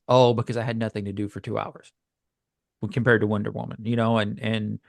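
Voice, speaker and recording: In a casual podcast review chat, this male co-host speaks fairly quickly in a low-ish, creaky voice with flat delivery. He rambles and hesitates, full of fillers and restarts, and the studio sound is clean with no room sound.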